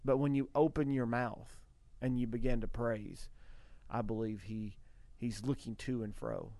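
A man's voice: mid-range voice, steady tone, unhurried, warm tone, dry recording. A man talking earnestly about worship, repeating phrases as he builds emphasis. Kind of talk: conversational preaching.

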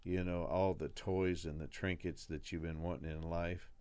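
Man, radio co-host, very low smooth voice, earnest preaching tone, dry sound. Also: little pitch movement, moderate pace, darkish tone, no echo. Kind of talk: casual faith talk on radio.

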